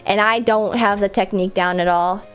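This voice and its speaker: A woman's voice: medium pitch, steady tone, moderate pace, clear, resonant tone, faint music behind. A woman streamer, stuffed up from a cold, chatting casually and giggling while she reads out viewer messages. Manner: chatty and giggly, with lots of likes and restarts.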